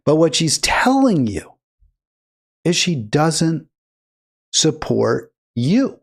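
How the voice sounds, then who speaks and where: A man's voice: on the high side, very animated, drawn-out words, vocal fry, husky. Indignant male political commentator. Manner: indignant, emphatic, rising to heated bursts. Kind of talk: reacting to clips with commentary.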